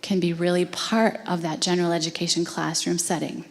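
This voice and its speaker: A woman's voice: fairly low pitch, little pitch movement, a little fast, gravelly. A woman telling an earnest, emotional story to a live audience at an education talk. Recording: long hall reverb.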